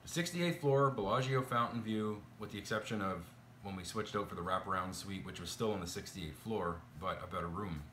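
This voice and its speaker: A man's voice: on the low side, a little fast, a bit bright, a little hiss or hum. A man vlogging, telling a complaint story in a chatty, exasperated way with lots of fillers. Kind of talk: casual complaint storytelling to camera. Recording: echoey room.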